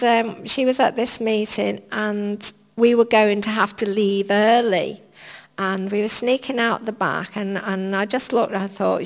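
A woman preacher giving an informal sermon in a church hall, chatty, anecdotal and gently humorous. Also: mid-range voice, creaky. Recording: long reverb of a church hall.

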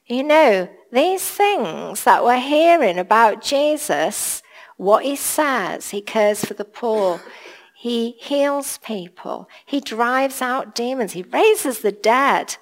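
A woman's voice: a little high, a bit bright. A woman giving a sermon, telling a personal story and acting out the voices of the people in it. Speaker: preacher.

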